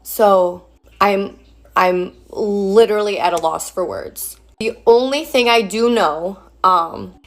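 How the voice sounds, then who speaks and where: A woman tells of a strange event at home in a stunned, halting way. Her voice is middle-pitched and plain. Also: fairly bright tone. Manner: stunned, hesitant. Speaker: storyteller in a clip. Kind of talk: casual storytelling.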